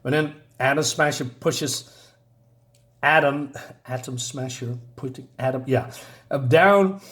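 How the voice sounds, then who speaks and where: A man's voice: medium pitch, slow pace, fairly bright tone. A man reviewing a comic book, recapping the plot in a rambling, casual way and reading character lines aloud.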